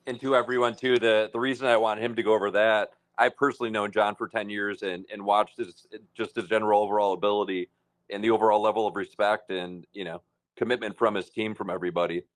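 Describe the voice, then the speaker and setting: Low-voiced man, dry close sound. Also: steady tone, quick pace, no echo. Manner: friendly, vouching, stumbles on repeats. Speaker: co-host of a crypto voice chat. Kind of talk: casual group voice chat.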